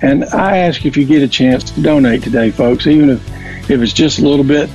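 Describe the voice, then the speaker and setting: Over dull lo-fi audio with faint music behind him, a man with a medium-pitched, darkish, fairly quick voice appeals for donations as a radio guest. His casual pitch rambles, with many repeated words.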